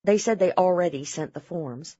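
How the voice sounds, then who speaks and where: A woman's voice: on the low side, normal speed, mellow, dry recording, dull audio, lightly acted. A woman voicing a young wife who is tender at first and then desperate, pleading and crying out. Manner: pleading, sobbing cries. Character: young wife, loving then grief-stricken.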